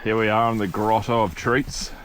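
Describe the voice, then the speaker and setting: A man's voice: lowish voice, normal speed. Chatty kiwi guy vlogging from a snowy camp, wind roaring on the mic. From New Zealand. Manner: relaxed, chatty, to the camera. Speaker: outdoor vlogger. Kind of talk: casual vlog narration. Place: outdoors in a snowstorm and a camp shelter.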